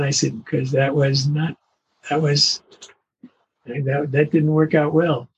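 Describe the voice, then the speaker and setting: An older man, a veteran voice actor, telling stories in an interview with lively acted-out quotes. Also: a little high, slow pace, pauses often, a little hiss or hum, low-quality recording. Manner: animated anecdotes, acts out quoted voices. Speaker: voice actor guest. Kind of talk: storytelling interview.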